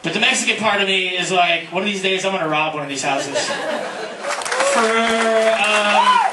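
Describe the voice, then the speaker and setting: A high-pitched man performs stand-up, self-deprecating and punchy. He sounds distant from the mic in an echoey club, with loud background noise. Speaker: stand-up comedian. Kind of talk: stand-up comedy set. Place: comedy club. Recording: echoey club recording from far off, noisy.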